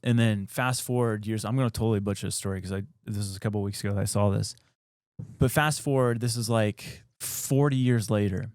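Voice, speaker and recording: Clear-voiced man retelling a story casually. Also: on the low side, fairly quick, a little mellow, no echo, clean studio sound. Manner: rambling, filler-heavy retelling. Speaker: podcast host.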